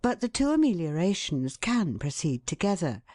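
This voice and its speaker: A woman with a low voice reads aloud in an expressive, measured way, her pitch rising and falling widely. She takes her time over each phrase. The sound is dry and close. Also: dry recording. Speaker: reader of a book excerpt. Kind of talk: scripted narration.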